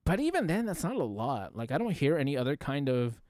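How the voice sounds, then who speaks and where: A man's voice: a little high, big pitch swings, brisk, darkish tone, no echo, clean studio sound. A man streaming a casual reaction commentary, rambling and talking straight to his chat while demonstrating voice tricks.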